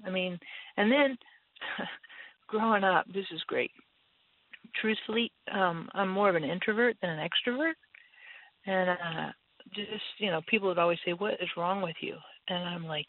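A woman's voice: fairly low pitch, moderate pace, pauses often, no echo. A woman guest in a casual faith conversation, candid and laughing often as she acts out her own voice in stories. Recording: tinny phone-like line, dry.

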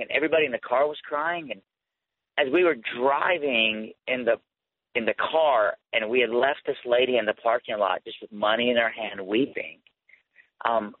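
A man's voice: medium pitch, normal speed, no echo. A man, a guest speaker and author, earnestly telling his personal testimony in a conversational way over a phone line into a radio show. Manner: earnest, conversational, rising with emotion. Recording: dry tinny phone line.

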